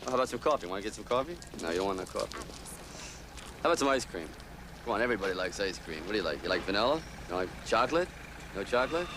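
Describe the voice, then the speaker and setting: An actor playing a cocky low-voiced union organizer. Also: male voice, racing, lightly acted. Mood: coaxing. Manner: streetwise, teasing, blunt. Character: brash young male union organizer, cocky and pushy. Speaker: union official. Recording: film soundtrack with steady background noise.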